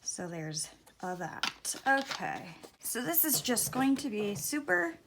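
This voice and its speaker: A middle-aged woman giving a casual nail tutorial at home, talking slowly and softly, often dropping to near-whispers. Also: on the high side, big pitch swings, vocal fry, background noise. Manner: slow, soft-spoken, drops to near-whispers. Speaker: beauty vlogger. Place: home, at a table.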